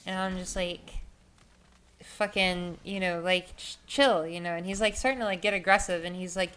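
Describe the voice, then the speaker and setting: A woman's voice: on the low side, steady tone, moderate pace, a bit bright, smooth. A young woman vlogger telling a story in a casual, rambling way, full of filler words and swearing.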